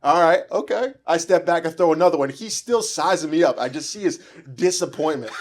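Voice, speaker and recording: A man telling a story in casual conversation, animated and laughing, acting out the dialogue. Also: on the high side, a little fast.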